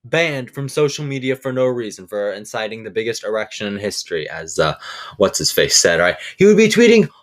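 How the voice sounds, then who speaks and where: A man's voice: fairly low pitch, a little fast, a bit bright. A man hosting a casual political commentary show, enthusiastic and peppering his talk with "all right". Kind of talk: casual commentary over clips.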